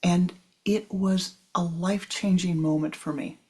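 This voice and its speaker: A woman spiritual teacher speaks in a low, husky voice. She tells a personal story, often sinking into soft whispered asides. She acts out the dialogue of the people in the story with feeling. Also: fairly even intonation, measured pace. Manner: acts out quoted dialogue expressively.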